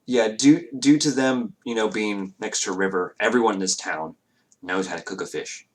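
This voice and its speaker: Man, game master, tabletop game, casual, halting, lowish voice. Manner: casual, halting, many fillers.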